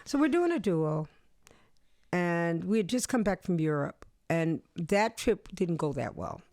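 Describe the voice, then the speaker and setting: A middle-aged woman musician, a guest in an interview, telling animated stories from her career and acting out the people in them. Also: lowish voice, a little slow, no echo, clean studio sound. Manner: animated storyteller, acts out voices. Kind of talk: storytelling interview chat.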